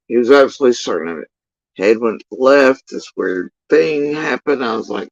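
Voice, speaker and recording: A man telling a story in casual livestream talk, rambling and swearing, with sudden high bursts when he quotes people. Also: fairly quick, gravelly, no echo, muffled recording. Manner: profane, rambling, animated when quoting others. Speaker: livestream talker.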